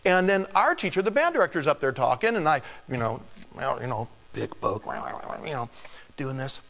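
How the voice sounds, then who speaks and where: A man preaching a sermon, telling a personal story in an animated, chuckling way. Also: mid-range voice, normal speed, creaky. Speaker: pastor. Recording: long hall reverb.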